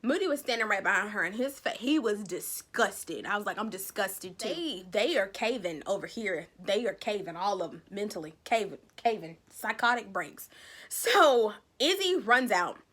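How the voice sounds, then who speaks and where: A woman giving a casual recap of a TV episode, retelling the plot with animated storytelling and acting out what the characters say. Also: mid-range voice, moderate pace. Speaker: TV recap vlogger.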